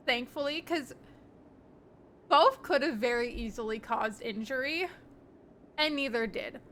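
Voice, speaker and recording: A young woman chats with her live-stream viewers in a high, bright voice, rambling along with frequent ums and giggles. She takes her time and lets her words stretch out. A faint hiss of background noise sits under her voice. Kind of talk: casual chat with live viewers.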